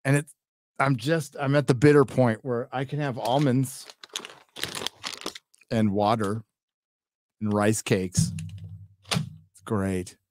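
A man's voice: mid-range voice, takes it slowly, long pauses, darkish tone, a little hiss or hum. A middle-aged man hosting a live stream, chatting casually and reading out donations in a rambling, profane way. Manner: rambling, profane, with many fillers.

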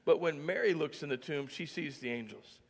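A man's voice: a little high, fairly quick, in a large hall. A man preaching a sermon as pastor, joking with the congregation and often asking "all right?". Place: church sanctuary.

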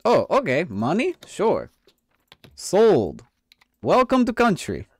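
A man's voice: high voice, wildly swooping pitch, slow, dry recording. Playful man streamer, dry close sound. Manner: playful, jokey mock-official inspector banter with swearing; puts on a mock foreign accent. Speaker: game streamer. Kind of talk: comedic let's play commentary.

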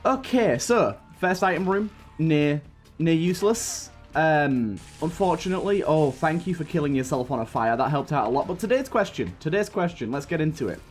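A young male gaming host with a fairly high pitch and moderate pace rambles on about his childhood while complaining about his run. Frustrated outbursts at the game cut into the story, and game music plays faintly.

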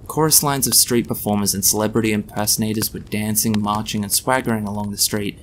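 A man reading his own story aloud in a measured, dry narration. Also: fairly low pitch, fairly even intonation, slight background noise.

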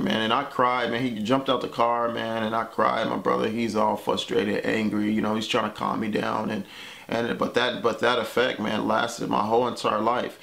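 A man's voice: lowish voice, vocal fry, fairly bright tone. A young man telling a personal story to the camera in a loose, conversational way, dropping lots of "man" and "you know what I'm saying.". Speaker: vlogger.

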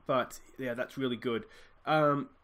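A man's voice: medium pitch, a little slow. Chatty Australian man commentating his game. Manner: chatty, thinks aloud, bursts into excited shouts at goals. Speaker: let's play host. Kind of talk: casual gameplay commentary.

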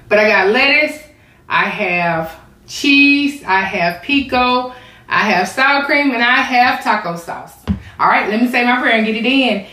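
A woman's voice: on the high side, pushed and bright. A woman, chatting casually to her viewers while setting up an eating challenge. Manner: chatty, addresses viewers as y'all. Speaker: mukbang vlogger. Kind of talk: casual chat to camera. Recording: echoey room.

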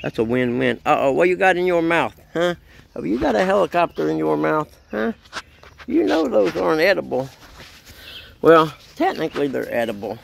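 A man's voice: on the high side, expressive, moderate pace, creaky, slight background noise. A man chatting playfully in baby talk to his puppy while filming it outdoors in his backyard. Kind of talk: casual vlog narration.

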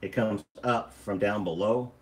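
Blunt, low-voiced man chatting casually. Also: measured pace. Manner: blunt, joking, swears freely. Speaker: boatbuilder hosting a live stream. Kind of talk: casual live-stream chat and demonstration.

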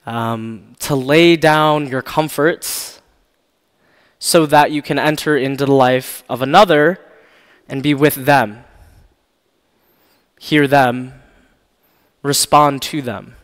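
A man's voice: a little high, slow, pauses often, fairly bright tone, smooth. A man preaching a sermon, telling a personal story in a candid, self-deprecating way with frequent laughs. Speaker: pastor. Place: church sanctuary. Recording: long reverb of a church hall.

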